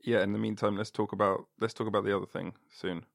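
A man's voice: fairly low pitch, little pitch movement, fast, gravelly, no room sound, clean studio sound. A man hosting a podcast, chatting casually and laughing often in a rambling, laid-back way. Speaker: podcast host. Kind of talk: casual chat.

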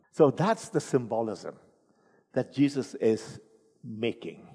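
A man's voice: mid-range voice, takes it slowly, slightly rough. A man preaching a sermon, reading scripture aloud and questioning the congregation. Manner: animated, rhetorical questions to the congregation; reads scripture aloud between comments. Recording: long reverb in a hall.

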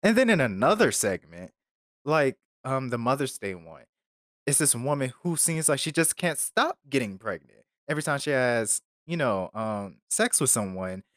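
A man's voice: mid-range voice, big pitch swings, moderate pace, fairly bright tone, no room sound. Rambling, filler-heavy man, dry sound. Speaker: podcast host reviewing a film. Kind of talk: casual chat.

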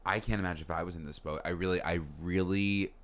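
Deep-voiced man, dramatic and animated. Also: fast talker. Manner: animated and dramatic, jumps to higher pitch when excited. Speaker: podcast co-host. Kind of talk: casual comedic chat.

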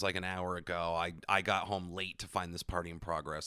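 A man's voice: low-pitched, fast talker, few pauses, smooth, no echo, studio quality. A young man co-hosting a podcast, telling a long anecdote in casual, profane chat. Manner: profane, animated anecdote teller. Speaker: podcast co-host.

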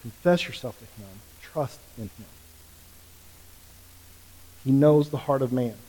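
A man preaching a sermon as pastor, with passionate emphasis that swings from quiet to loud. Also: mid-range voice, unhurried. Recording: long reverb of a large hall.

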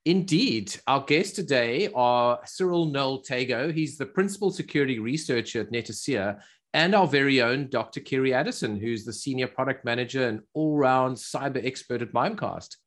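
A man's voice: medium pitch, lively intonation, normal speed, a bit bright. A man with a South African accent co-hosting a podcast, introducing guests with dry, self-deprecating humor. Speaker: podcast co-host. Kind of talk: podcast hosting, light banter.

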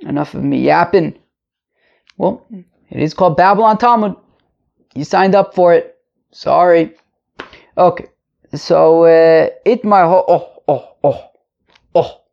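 Chatty gravelly man teaching Talmud. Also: fairly high pitch, takes it slowly, pauses often, a little mellow. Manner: rambling, chatty, joking asides. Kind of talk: casual daily Talmud class. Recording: lo-fi home mic.

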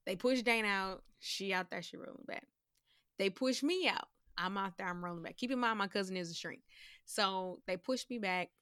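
A woman co-hosting a podcast, telling a story in casual chat, animated and profane, acting out the voices of the people she quotes. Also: medium pitch, normal speed, clear, resonant tone, no room sound, clean studio sound. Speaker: podcast co-host.

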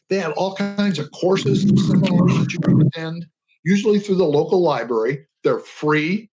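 An older man speaks as a radio guest, with a voice pitched a little high for a man. He tells stories earnestly and passionately, pushing his intonation up and down for emphasis. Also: a little mellow. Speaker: guest, veteran advocate. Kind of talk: storytelling radio interview. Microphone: radio call-in line.

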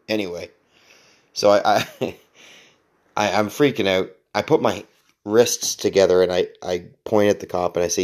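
A man's voice: low-pitched, fairly even intonation, fairly quick. A man hosting a podcast, telling a long story casually, with lots of swearing, restarts and laughter. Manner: rambling, profane, self-mocking, laughs often. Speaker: podcast host.

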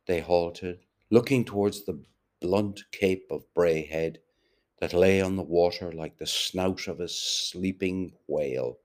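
A man narrating a literary novel as an audiobook, measured and deliberate. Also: low-pitched, darkish tone.

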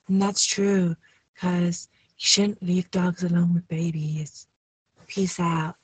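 Breathy-husky woman, slow and breezy; dry close sound. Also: fairly low pitch, fairly even intonation, no echo, low-quality recording. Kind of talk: casual chat.

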